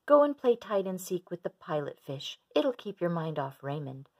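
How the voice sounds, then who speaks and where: A woman voicing a gentle, patient mother shark in a storybook, soothing and kind. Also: lowish voice, very animated, moderate pace, breathy edge, full character voice.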